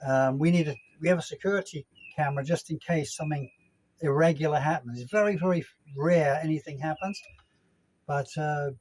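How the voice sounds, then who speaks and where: An older man vlogs casually into a handheld phone camera outdoors at a gated apartment complex in Mexico, chatting, rambling from thought to thought and correcting himself mid-sentence. His voice is a little high for a man but darkish in tone. Faint outdoor ambience and slight background noise stay behind him on a rough recording.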